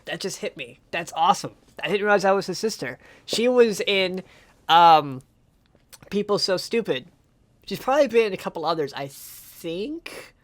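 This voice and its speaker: Speaking at a normal speed in a high-pitched, animated voice, a young guy gives loose commentary on a music video. He curses heavily, circles back over the same things, and sounds close to tears with emotion.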